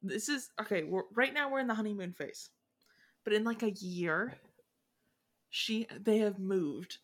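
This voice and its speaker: A woman's voice: mid-range voice, expressive, a little slow, a bit bright. A woman hosting a podcast in casual chat, retelling a story with many fillers and frequent giggles. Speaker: podcast host.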